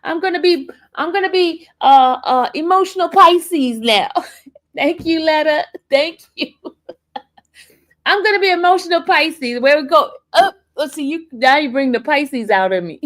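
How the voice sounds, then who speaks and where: A woman hosts a casual livestream and talks straight to her viewers. Her voice sits fairly high, and she sounds animated and defensive, with frequent laughter. She calls her audience y'all throughout. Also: unhurried. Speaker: livestream host.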